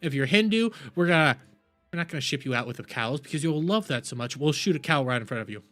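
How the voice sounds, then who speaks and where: A man from the United States, a live streamer, ranting furiously, swearing often, shouting and repeating himself. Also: a little high, expressive, fast, faint music behind. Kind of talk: angry live-stream rant.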